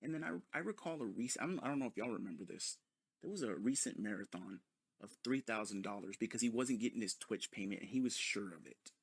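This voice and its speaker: A man's voice: fairly low pitch, expressive, fast, vocal fry, breathy edge, no echo. A man ranting in a sarcastic, mocking commentary full of profanity. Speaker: commentary video host.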